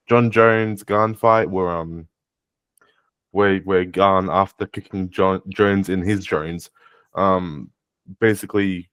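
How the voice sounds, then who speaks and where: A man co-hosting a podcast in casual chat. He calls his own voice monotone, often restarts his sentences and swears now and then. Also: lowish voice, no echo. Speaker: podcast co-host.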